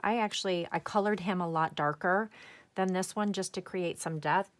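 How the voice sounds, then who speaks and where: A woman's voice: fairly low pitch, normal speed. A woman hosting a craft tutorial, chatting enthusiastically as she works step by step and talking to herself. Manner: chatty, enthusiastic, talks to herself while working. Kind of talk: casual step-by-step craft demonstration.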